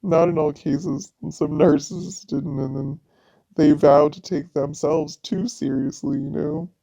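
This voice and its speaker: A woman's voice: deep voice, steady tone, unhurried, mellow. A woman in a personal vlog monologue, venting in a raw, profane way. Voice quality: gravelly vocal fry. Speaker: vlogger. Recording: dull lo-fi audio.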